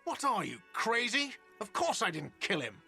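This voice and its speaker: An actor playing a grumpy café manager in a video game, curt and irritable with the player. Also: male voice, medium pitch, animated, normal speed, fairly bright tone, breathy edge, faint music behind. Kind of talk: voiced game dialogue.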